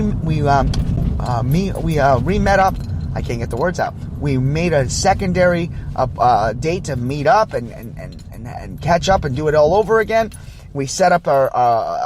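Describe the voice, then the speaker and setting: Lively man telling a dating story. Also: a little high, slight background noise. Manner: animated, acts out quoted dialogue with stumbles and restarts. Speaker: podcast host. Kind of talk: casual storytelling.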